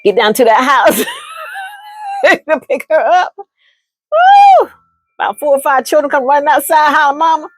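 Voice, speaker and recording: A woman's voice: high-pitched, normal speed, pauses often, dry recording, raised voice. A woman telling a story and giving relationship advice in a casual monologue, laughing often and calling listeners honey.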